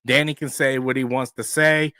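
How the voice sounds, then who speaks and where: A man's voice: medium pitch, fairly even intonation, normal speed, sharp tone, smooth, no echo. A man in his forties hosting a casual live stream, ranting animatedly and swearing freely. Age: 40s.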